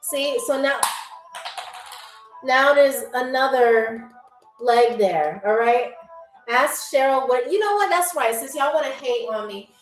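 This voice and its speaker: A woman's voice: high voice, animated, slow pace, pauses often, soft background music. A woman hosting a live-stream game show, chatting with viewers in a playful, teasing, sarcastic way. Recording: echoey room.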